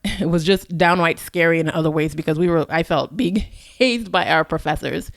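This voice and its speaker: Woman doing her own self-help podcast, lowish voice, dead dry sound, earnest pep talk vibe. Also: no room sound. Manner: earnest, encouraging, direct address to listener. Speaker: podcast host. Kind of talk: motivational solo podcast talk.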